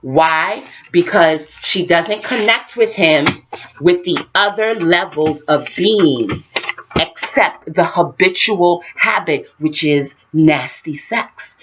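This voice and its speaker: Speaking in a fairly low voice over dull-sounding audio, a woman vlogger tells an animated story and shares spiritual life advice. She is expressive and talks straight to her viewers in this monologue.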